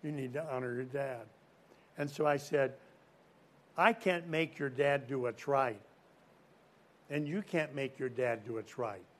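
A man preaching a sermon to young people, telling a story and asking the crowd questions, swinging from loud emphasis to quiet. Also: medium pitch, unhurried, long pauses.

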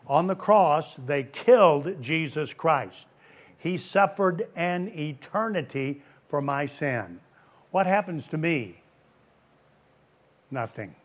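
A man preaching a sermon to a congregation, emphatic, asking them questions and answering them himself. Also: on the high side. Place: church service before a congregation. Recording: dull lo-fi sound.

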